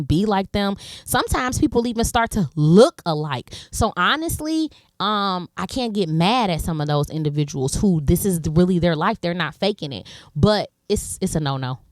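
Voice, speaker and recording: A woman speaks in a bluntly emphatic, slangy way, trading talk on a podcast as a comedian guest. Her voice sits at an ordinary middle pitch. The close microphone gives a dry sound with no room around it. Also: no echo. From Detroit, USA. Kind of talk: casual podcast conversation.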